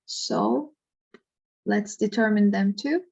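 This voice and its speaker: A woman walks through a math problem slowly, pausing often and filling gaps as she thinks aloud. Her voice sits at a middle pitch, and the recording sounds dull and lo-fi. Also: gravelly, darkish tone, husky. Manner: hesitant, thinking aloud with fillers. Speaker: math teacher. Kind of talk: slow worked-example lesson.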